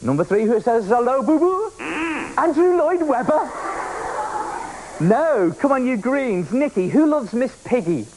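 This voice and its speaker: A man hosting a children's game show, playful and energetic, often shouting to the contestants. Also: extremely high pitch, unhurried, a little hiss or hum, poor audio. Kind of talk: lively TV game show presenting.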